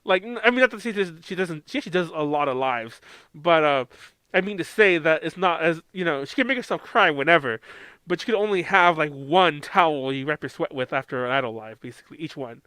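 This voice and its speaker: A man's voice: on the high side, animated, a little fast, bright, forceful tone, clean tone, no echo. An American man co-hosting a podcast in casual chat, rambling, laughing often and swearing freely. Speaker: podcast co-host.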